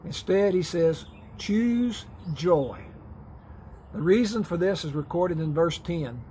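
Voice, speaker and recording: A man's voice: fairly high pitch, moderate pace, warm tone, slight background noise, low-quality recording. A man teaching a prepared church Bible lesson, reading from notes with folksy, dry asides.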